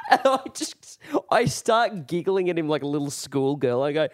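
A man's voice: on the high side, normal speed, no room sound, studio quality. A man on a comedy podcast, telling a funny anecdote in a casual way and acting out the people in it. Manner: animated anecdote-telling, acting out quoted voices.

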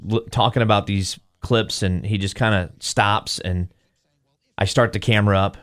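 A man's voice: fairly low pitch, moderate pace, dry recording, studio quality. A male podcast host retells a story casually, acting out quotes as he goes. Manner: animated retelling, acts out quotes.

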